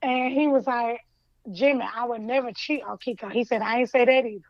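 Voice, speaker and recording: A woman podcast co-host casually retelling a fan story, acting out the characters' lines with lively colloquial talk. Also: fairly high pitch, brisk, no room sound, lo-fi sound. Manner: animated storytelling in colloquial Southern US English, acts out lines.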